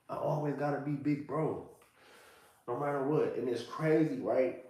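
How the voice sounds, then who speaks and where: A man in his thirties talks through a reflective monologue in loose street slang, leaning on "you know what I'm saying." His voice sits at an ordinary middle pitch. The mic is some way off, and the room echoes heavily around him. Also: normal speed, dark tone, distant mic. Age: 30s.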